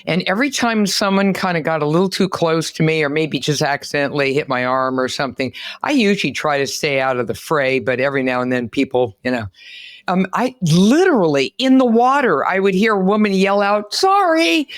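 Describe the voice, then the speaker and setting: A woman hosting a podcast interview, an animated, exclamatory storyteller. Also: low voice, a little fast, no room sound, clean studio sound. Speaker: podcast host. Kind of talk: lively interview chat.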